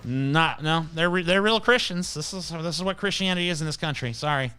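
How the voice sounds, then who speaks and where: A man's voice: a little high, a little fast, sharp tone, smooth. A male host giving blunt, profane, scornful ranting commentary while reacting to clips and viewer questions.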